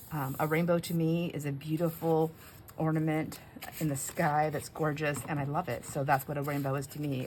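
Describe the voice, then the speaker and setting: A woman's voice: low-pitched, a little hiss or hum. A woman hosting a casual craft chat at home, talking in a rambling, chatty way with many fillers. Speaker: craft channel host.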